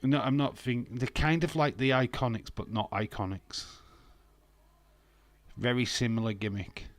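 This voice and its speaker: Man, mid-pitch, self-mocking live-stream host, dry close mic. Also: steady tone, measured pace, no echo. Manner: chatty and self-mocking, laughs often. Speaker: streamer hosting a wrestling watch-along. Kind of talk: casual live-stream chat with viewers.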